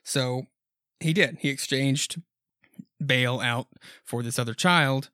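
A man's voice: mid-range voice, slow, bright, forceful tone, dry recording, studio quality. A man hosting a podcast, casually retelling a horror comic with lots of ums and offhand asides. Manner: rambling, frequent ums and asides. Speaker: podcast host. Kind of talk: casual comic book recap.

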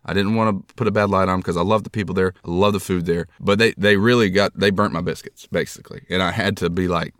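Male podcast host, deep voice, self-deprecating storyteller, dry close mic. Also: steady tone, fast talker, few pauses, no echo. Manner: rambling, self-deprecating, jokey.

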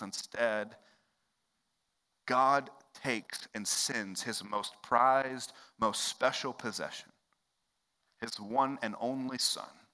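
A man preaching a sermon as pastor, swinging between loud, emphatic stretches and hushed, quiet ones. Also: medium pitch. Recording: long hall reverb.

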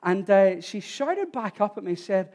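A man preaching in a relaxed conversational way. He tells a story to his congregation and often restarts his words. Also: sits high, a little slow. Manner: informal, restarts words, addresses listeners directly.

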